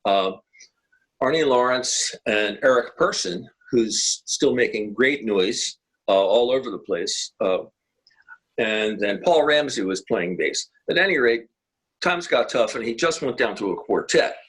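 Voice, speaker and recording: A man's voice: mid-range voice, expressive, unhurried, fairly bright tone, slightly rough, poor audio. An older man, a guest musician, telling long rambling anecdotes in a casual interview. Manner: rambling, anecdotal, many restarts. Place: home, video call.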